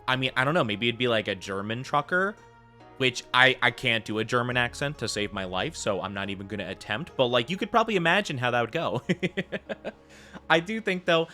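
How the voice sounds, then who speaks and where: Streamer host, male, bright forceful voice, rambling and giggly. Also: mid-range voice. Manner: rambling and giggly, full of filler "like". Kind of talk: casual live-stream chat.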